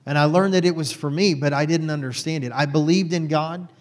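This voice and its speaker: A man's voice: a little high, brisk, big-room sound. A man from Texas, a guest telling his personal faith story in an earnest, heartfelt way.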